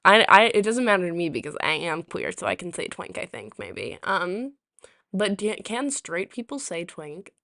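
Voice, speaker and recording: A woman's voice: on the low side, sing-song, moderate pace, vocal fry, bright, forceful tone, no echo, studio quality. A woman streamer chatting casually on a live stream, rambling with lots of ums, her throat sore and a little rusty. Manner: rambling, full of ums and restarts. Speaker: live streamer reading chat.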